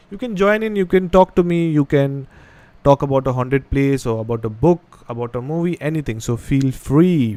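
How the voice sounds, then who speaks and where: A man's voice: mid-range voice, darkish tone. A young man from India with an Indian English accent, chatting casually on a live stream and reading viewer comments aloud. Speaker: podcast host.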